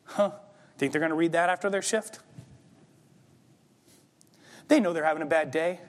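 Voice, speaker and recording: A man delivering a sermon in a church, his fairly high voice carried by a long hall reverb. He talks to the congregation in a conversational way, then builds to emphatic, forceful peaks. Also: normal speed. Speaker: pastor. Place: church sanctuary.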